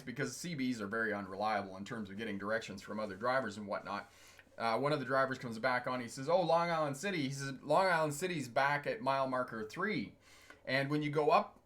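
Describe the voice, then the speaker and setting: A middle-aged man with a bright, clear-toned voice telling stories on a casual livestream. He talks in a chatty, digressive way and chuckles often between stories. He stops now and then to answer viewers' comments. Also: medium pitch. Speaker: truck driving instructor and channel host. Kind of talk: casual livestream storytelling, reading chat comments.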